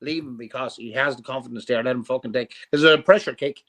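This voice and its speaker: A man's voice: mid-range voice, fast talker, a bit bright. Emphatic, sweary man in a sports chat.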